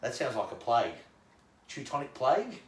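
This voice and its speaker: A man's voice: medium pitch, big pitch swings, moderate pace. Joking Australian man in an echoey room. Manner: crude, joking, laughs often. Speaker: podcast host. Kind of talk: casual drinking banter.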